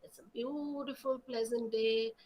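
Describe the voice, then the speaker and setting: A woman telling stories aloud in an expressive, dramatic way. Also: fairly high pitch, slight background noise, low-quality recording. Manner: expressive, slow, dramatic storytelling. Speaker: storyteller. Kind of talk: animated oral storytelling.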